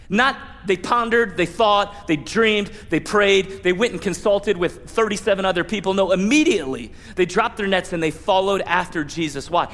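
A man preaching a sermon as pastor, animated, playfully acting out prayers and Bible scenes. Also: high-pitched, big-room sound.

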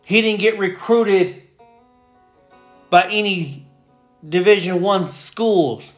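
A man's voice: sits high, slow, soft background music. A man preaching a sermon with fervor, repeating phrases and building in intensity. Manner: fervent, repetitive, builds in intensity.

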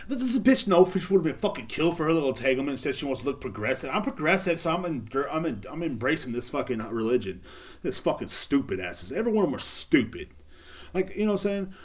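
A man's voice: on the high side, big pitch swings, quick pace. A young man, ranting casually and profanely on his own podcast, rambling with many restarts. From Texas. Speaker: podcast host. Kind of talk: casual solo rant.

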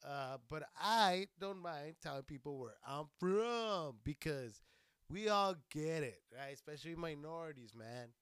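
A man from near El Paso, Texas, in a profane, rambling comic monologue, crude and animated. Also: on the high side, clear, resonant tone, no echo. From Socorro, Texas, near El Paso. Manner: rambling, crude and animated, laughing at his own jokes. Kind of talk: profane stand-up style monologue.

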